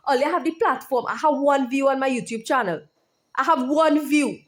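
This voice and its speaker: A woman YouTuber speaking in an impassioned monologue, heated and profane, repeating her phrases over and over. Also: high-pitched.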